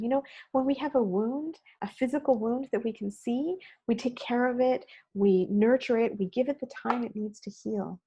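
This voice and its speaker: A woman's voice: a little high, brisk, hardly any pauses, mellow, breathy edge, highs cut off. A woman giving an earnest, personal keynote talk on video, speaking conversationally and often saying "you know". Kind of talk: motivational talk recorded on video.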